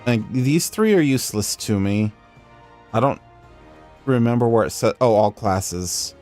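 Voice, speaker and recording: A man's voice: medium pitch, expressive, measured pace, a little mellow. Chatty streamer man over game music. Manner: chatty, self-deprecating, thinking aloud. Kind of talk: casual gameplay commentary.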